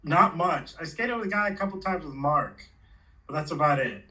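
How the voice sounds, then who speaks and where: A man's voice: a little high, animated, normal speed, pushed and bright, distant mic, rough recording. Laid-back slangy man, a touch off-mic. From Los Angeles area. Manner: laid-back slangy storytelling, acts out quotes. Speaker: guest, former pro skateboarder. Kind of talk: casual storytelling interview.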